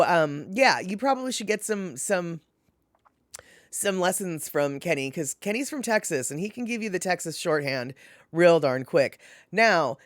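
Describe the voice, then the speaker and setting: A casual, talkative woman hosting a live stream and answering her chat. Her pitch swoops up and down as she rambles and laughs. The sound is dry, with no room echo. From Washington state. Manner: animated, chatty, laughs often, lots of fillers. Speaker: livestream host reading chat.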